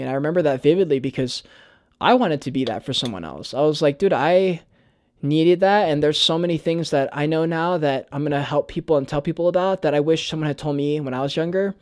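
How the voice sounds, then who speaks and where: An earnest young man talks to his viewers in a loose vlog monologue. He leans on "like" and casual swearing. His voice sits a little high and sounds close and dry. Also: a little mellow, dry recording. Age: young adult. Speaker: YouTuber.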